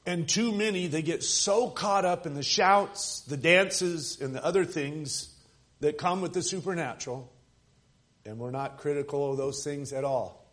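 A man preaching a sermon as pastor at a church service, swinging from loud emphatic lines to soft, hushed ones. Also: on the high side, measured pace.

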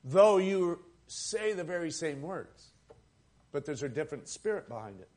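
A man's voice: on the high side, big pitch swings, normal speed, a little mellow. A man preaching a sermon, with an emphatic delivery that swells and drops as he makes his points. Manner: emphatic, rising and falling preaching cadence.

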